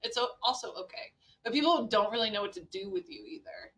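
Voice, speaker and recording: A woman's voice: medium pitch, lively intonation, brisk, a bit bright, recorded from a distance, poor audio. A woman in her forties speaking frankly as a podcast guest, in a conversational way with frequent "like" and "right?". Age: 40s.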